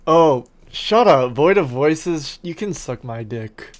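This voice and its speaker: A man's voice: on the high side, animated, slow pace. A man chatting casually on his game stream, playful and teasing, breaking into bursts of mock outrage. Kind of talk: casual gaming stream chat.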